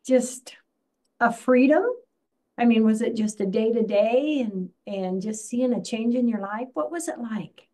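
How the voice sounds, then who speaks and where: A woman interviewer asking questions hesitantly, pausing to search for words. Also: fairly high pitch, darkish tone.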